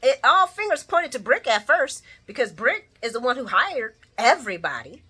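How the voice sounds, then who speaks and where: A woman hosting a casual, chatty recap, animated and slangy, who laughs and acts out lines. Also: high voice, normal speed, husky. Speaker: channel host. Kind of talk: casual soap opera recap.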